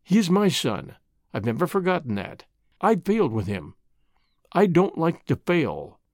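A man voicing a stern, proud gray-haired father who speaks low in a shaken, muttering way. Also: wildly swooping pitch, measured pace, darkish tone, no echo, clean studio sound, exaggerated voice.

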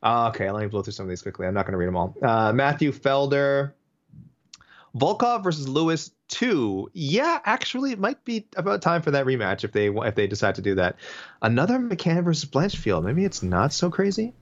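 A man's voice: medium pitch, sing-song, fairly quick, muffled recording. A man co-hosting a podcast in casual chat, reading out listener comments and rambling between them.

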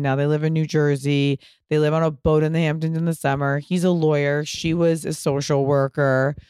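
A woman in her thirties hosting a podcast, telling stories in an animated way and swearing casually. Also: low-pitched, smooth, no room sound, studio quality. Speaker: podcast host. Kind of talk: casual chat.

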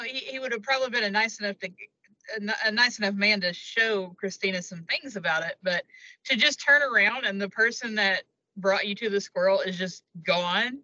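A woman's voice: mid-range voice, pushed and bright, no room sound. A woman co-host chatting casually, amused and laughing along. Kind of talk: casual chat. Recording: dull, dry sound.

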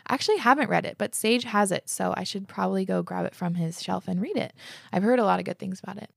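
A woman's voice: mid-range voice, quick pace, vocal fry, no room sound, studio quality. A woman hosting a podcast in a chatty, upbeat way, full of likes and ums, reading and answering listener messages. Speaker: podcast host.

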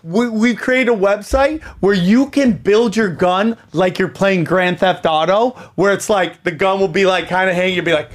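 A man with a fairly high voice chats loosely on a podcast, jumping from joke to joke. He is in his thirties and swears a lot. His talk is quick to get excited. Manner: excitable, profane, jokey. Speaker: podcast co-host. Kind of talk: casual chat.

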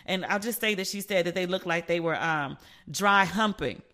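Bright-voiced sassy woman host. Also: lowish voice, moderate pace. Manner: animated storyteller who acts out quoted people; sassy and playful. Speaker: podcast host. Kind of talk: casual chat, gossip commentary.

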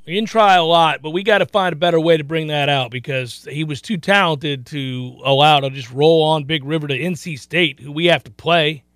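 A man hosting a sports betting radio talk show, emphatic and quick with asides. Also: a little high, fairly bright tone, no echo, clean studio sound.

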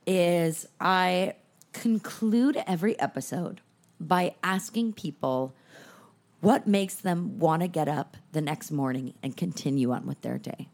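A woman's voice: fairly low pitch, lively intonation, gravelly, darkish tone. An emotional woman hosting a chatty podcast. She gushes over her guest and laughs easily. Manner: gushing, emotional, quick to laugh. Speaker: podcast host. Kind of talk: casual chat.

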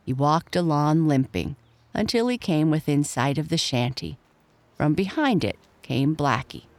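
A woman narrating a children's storybook, gently addressing boys and girls. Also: deep voice, expressive, unhurried, faint music behind.

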